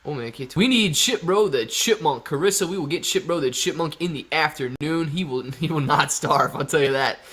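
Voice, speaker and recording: A man's voice: fairly high pitch, moderate pace, few pauses, a bit bright, slightly rough. A man hosting a casual live stream, reading out viewer comments and greeting people by name in an upbeat way. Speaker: livestream host.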